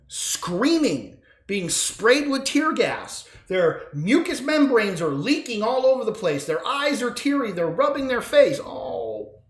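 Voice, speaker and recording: A man's voice: extremely high pitch, a bit bright, roomy sound. A man hosting a solo political commentary podcast, combative and sarcastic, with sudden emphatic bursts. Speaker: podcast host.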